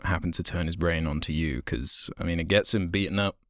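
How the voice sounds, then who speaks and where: Deep-voiced man talking films, hesitant. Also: steady tone, fairly bright tone, no room sound, studio quality. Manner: measured, hesitant, many fillers. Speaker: podcast co-host. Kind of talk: casual film discussion.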